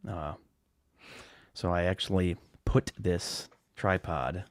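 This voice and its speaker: Low-voiced man rambling on a live stream. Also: steady tone, takes it slowly, no room sound, studio quality. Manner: rambling, with restarts and fillers. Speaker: podcast host. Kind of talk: casual live-stream chat.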